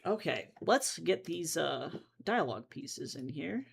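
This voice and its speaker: A young comic artist chatting through a casual drawing livestream. The voice jumps from loud, squealing excitement to low, self-mocking mutters. The speech sits in a middle pitch and stays jokey throughout. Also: unhurried, creaky, husky.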